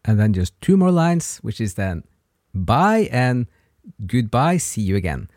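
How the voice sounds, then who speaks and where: A man's voice: no echo, studio quality. A man hosting a language podcast, patiently teaching basic Italian greetings. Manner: slow, patient, lively pitch when modeling words. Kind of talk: slow language lesson.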